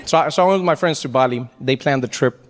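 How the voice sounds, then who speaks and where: A man from Africa doing stand-up comedy, telling a story in an animated way and jumping into acted voices. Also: mid-range voice, fast, long reverb tail.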